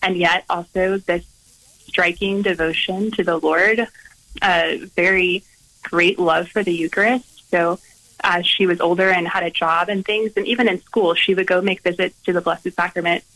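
A woman who is a Carmelite nun, telling a story in an interview in a gentle, earnest way with frequent pauses. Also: fairly low pitch, steady tone, low-quality recording. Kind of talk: reflective storytelling in conversation.

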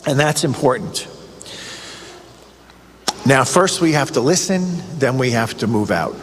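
A man's voice: mid-range voice, expressive, unhurried, long reverb tail, a little hiss or hum. A man preaching a radio sermon, earnest and emphatic, with lots of rhetorical questions. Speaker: radio show host giving a reflection.

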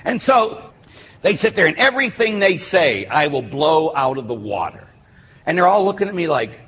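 A man's voice: fairly high pitch, normal speed. A man, a Catholic priest, giving a live talk to an audience, telling stories with humor. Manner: animated storytelling with humor. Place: church or hall with a live audience. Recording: echoey hall with faint noise.

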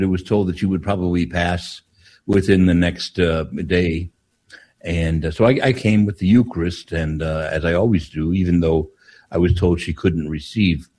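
An older priest tells stories on a call-in talk show, taking his time and often restarting his sentences. His voice is low, husky, and a little mellow.

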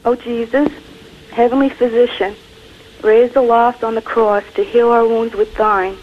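Woman caller slowly reading a prayer, dull muffled phone sound, bit of hiss. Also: fairly high pitch, level tone. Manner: earnest, measured recitation. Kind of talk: reciting a prayer.

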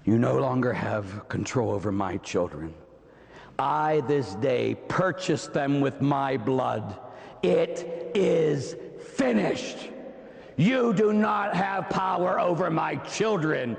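A man voicing Jesus dying on the cross, speaking slowly and gravely. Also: mid-range voice, lively intonation, long reverb tail, voice pushed down. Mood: solemn, grave. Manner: slow, grave, drawn-out.

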